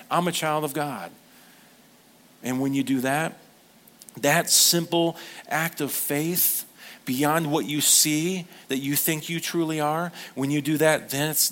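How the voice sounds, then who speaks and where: Male pastor, sermon delivery, earnest and animated, slips into playful quoted voices. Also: mid-range voice. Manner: earnest, gets emotional.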